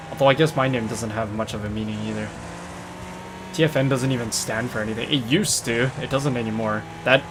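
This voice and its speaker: A man giving rambling, excitable commentary while he plays a game, often saying "dude", on a desk mic near a noisy computer. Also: medium pitch. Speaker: gamer. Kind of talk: casual gameplay commentary. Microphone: desktop mic near a noisy computer. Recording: loud racing game sounds behind voice.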